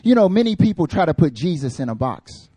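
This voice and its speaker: Animated, joking preacher man. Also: a little high, brisk, husky, dry recording. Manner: animated, jokey, talks to the congregation. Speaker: pastor. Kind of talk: comedic sermon storytelling.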